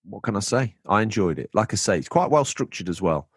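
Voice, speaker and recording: Podcast host, bouncy pitch all over, joking around, dry close mic. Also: male voice, brisk, husky, dry recording. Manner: lively, jokey, reads listener messages. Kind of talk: casual chat.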